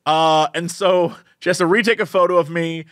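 A slightly high-voiced young man speaks at normal speed in a dry, clean studio recording. On the podcast he co-hosts, he tells a funny story about his family in easygoing chat, animatedly playing out each relative's voice.

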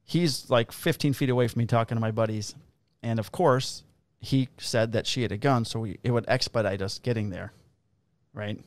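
A man, a police officer co-hosting a podcast, telling work stories in a casual, profane, animated way and acting out the quotes. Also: medium pitch, normal speed. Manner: profane, animated storyteller who acts out quotes. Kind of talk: casual chat, storytelling.

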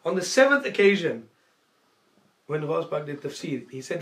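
A man teaching a religious class, with a voice sitting a touch above the usual male range. He tells stories and throws himself into the quoted lines, bursting out loud and high. The room around him rings with echo. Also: big pitch swings, normal speed. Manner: acts out quoted dialogue with sudden loud, high outbursts. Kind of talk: storytelling religious lecture. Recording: echoey room.

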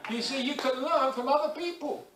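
A man preaching a lively sermon in a church, acting out little everyday scenes and prayers as he goes. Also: very high voice, a little fast, crowd noise. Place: church hall. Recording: echoey church hall, distant mic.

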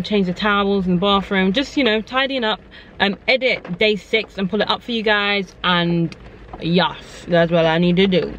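A woman's voice: mid-range voice, a bit bright, a little hiss or hum, poor audio. A woman filming a casual vlog as a mother, talking in a chatty, exasperated, rambling way on a handheld camera in a supermarket. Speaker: vlogger and mother. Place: supermarket, indoors.

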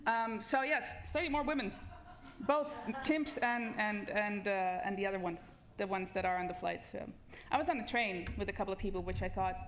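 A woman's voice: medium pitch, moderate pace, background noise. A woman researcher giving a comic debate speech on a festival stage, full of hesitant restarts and wry humor.

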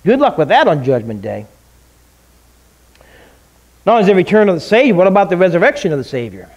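Pastor, male, high voice, emphatic sermon delivery with rhetorical questions. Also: very animated, fast, darkish tone.

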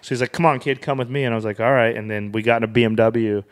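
A man's voice: medium pitch, steady tone, racing. Man telling a long rambling story. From Wyoming. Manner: rambling anecdotal telling with quoted dialogue. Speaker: comedian and author guest. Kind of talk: casual storytelling in a podcast interview.

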